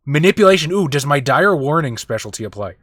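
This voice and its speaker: A man playing in a tabletop game, chatting excitably and joking around. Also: fairly high pitch, quick pace, no room sound, clean studio sound. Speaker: player. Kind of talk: casual game chat.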